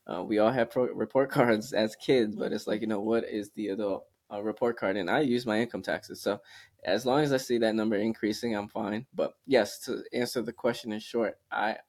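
Man on a podcast, kinda deep voice, thinks out loud slow and steady. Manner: measured, reflective, with "um" and "I guess". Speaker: podcast co-host. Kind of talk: casual chat.

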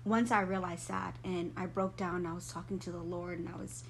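A woman guest telling her faith testimony in an earnest, animated way. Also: fairly low pitch, fairly quick, slight background noise.

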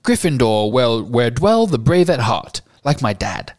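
A man's voice: medium pitch, big pitch swings, a little slow. A man voicing a cocky, boisterous schoolboy in a storybook reading. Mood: mocking.

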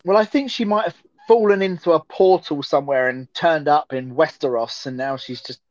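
A man's voice: on the high side, moderate pace, darkish tone, dry recording. A man co-hosting a casual chat while watching a film, rambling and laughing often. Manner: giggly, rambling with frequent laughs. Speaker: podcast co-host. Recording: dull, slightly muffled audio.

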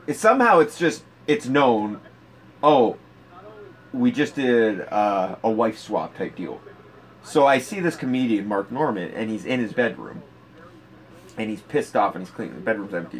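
A man telling crude stories in casual comedic chat as a podcast co-host, laughing as he talks. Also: lowish voice. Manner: crude, animated, laughs through his stories.

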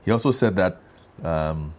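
A man's voice: deep voice, expressive, moderate pace, darkish tone. A man hosting a political panel, pressing guests with pointed questions. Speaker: talk show host.

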